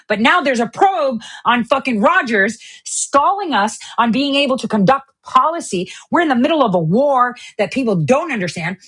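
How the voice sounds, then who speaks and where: Angry woman host, husky voice, swearing, sarcastic political rant. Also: a little high, sing-song, normal speed, few pauses, fairly bright tone. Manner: heated, profane, sarcastic.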